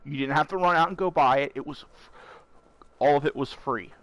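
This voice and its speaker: A man's voice: on the high side, fairly quick, a bit bright, no room sound. Blunt, swearing gaming podcast man. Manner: blunt, swears, addresses listeners as folks. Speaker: podcast host. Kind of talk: casual gaming podcast chat.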